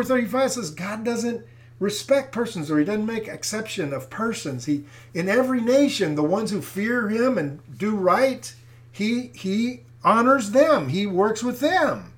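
An older man with a high voice, a Christian commentator, preaches directly to his viewers. He drives his points home through repeated phrases and keeps addressing his listeners as folks.

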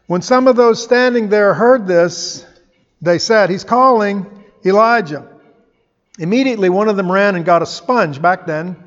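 A man preaching a sermon, reading scripture aloud with dramatic emphasis and explaining it. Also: high-pitched. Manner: expressive Bible reading, dramatic emphasis on quotes. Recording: dull sound with long hall reverb.

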